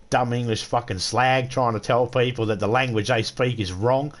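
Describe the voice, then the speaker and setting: A man's voice: medium pitch, brisk. A man with an Australian accent, streaming a game and ranting crudely with lots of swearing. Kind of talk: casual gaming livestream rant.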